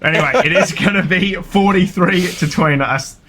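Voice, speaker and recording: Southern English male caster, excitable play-by-play, slightly high pitch, bright tone. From southern England. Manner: rapid excitable play-by-play, jokey. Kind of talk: live esports commentary.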